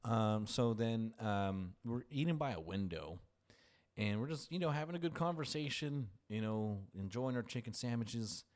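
A man's voice: medium pitch, lively intonation, normal speed, darkish tone. A man telling a story in casual chat, rambling and restarting, laughing often.

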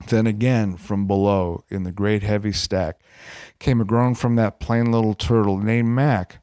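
A man reading a bedtime story aloud, playful, with deadpan joking asides. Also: fairly low pitch, moderate pace, smooth, dry recording.

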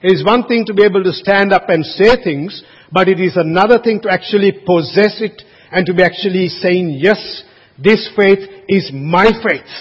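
A man's voice: sits high, a little fast, few pauses, husky. A man preaching a sermon as pastor, earnest and emphatic, with frequent restarts and casual asides to the congregation. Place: church sanctuary. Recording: dull lo-fi sound with long church reverb.

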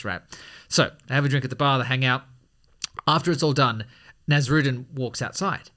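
A man co-hosting a casual podcast, chatting and telling a joke with lively acted-out voices. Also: medium pitch, normal speed. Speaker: podcast co-host. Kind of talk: casual conversation.

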